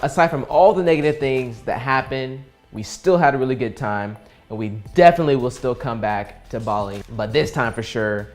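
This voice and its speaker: Earnest young man telling a travel story. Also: mid-range voice. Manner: earnest, animated storyteller who acts out quoted dialogue. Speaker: vlogger. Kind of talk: casual travel vlog storytelling.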